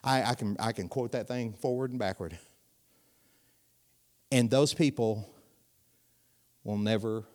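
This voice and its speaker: Man preaching in an animated, conversational way. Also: mid-range voice. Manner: animated preaching with rising volume and dramatic pauses; conversational, asks the audience questions. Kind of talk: sermon.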